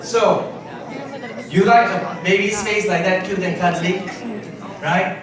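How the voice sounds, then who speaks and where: A man giving a sales seminar to a live audience, constantly checking in with quick questions. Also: high-pitched, distant mic, a crowd in the background. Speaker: sales trainer. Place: large hall with an audience. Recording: echoey hall, mic from afar, audience.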